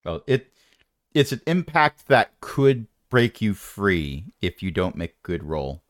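A man's voice: on the low side, big pitch swings, slow pace, dry recording, studio quality. A man narrating as game master in a tabletop game, wry and rambling with playful jokes.

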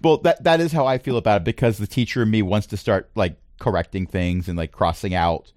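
A man's voice: lowish voice, brisk, darkish tone, no echo, studio quality. A man hosting a casual podcast chat, who also teaches middle school. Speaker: podcast host.

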